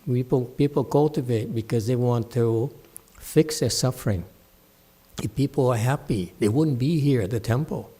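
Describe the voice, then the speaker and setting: A man's voice: mid-range voice, moderate pace, dark tone, slightly rough. A man giving a Buddhist dharma talk at a temple, blunt and scolding, mocking his students' whining. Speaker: meditation teacher.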